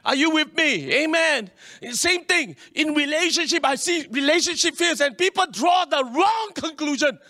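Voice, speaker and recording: A middle-aged man, preaching a sermon in an animated way, often calling out for an amen. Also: very high voice, normal speed, no echo, clean studio sound. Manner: animated preaching with calls for amen, mixes in local slang. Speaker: pastor.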